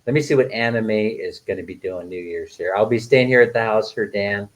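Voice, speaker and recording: A man's voice: fairly low pitch, fairly quick, low-quality recording. A retired man in his sixties, chatting casually on a live stream, reading comments aloud and laughing often between fillers. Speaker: vlogger reading live chat.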